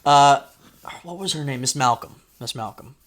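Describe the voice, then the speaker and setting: A man co-hosting a podcast, telling a story in casual chat, animated and swearing, acting out quotes loudly. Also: mid-range voice, normal speed. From Florida, United States. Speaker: podcast co-host.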